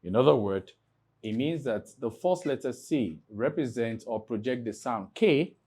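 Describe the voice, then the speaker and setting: A man from Nigeria teaching an exam prep English lesson, explaining slowly and spelling words out letter by letter. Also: mid-range voice, expressive, darkish tone, breathy edge. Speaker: English tutor.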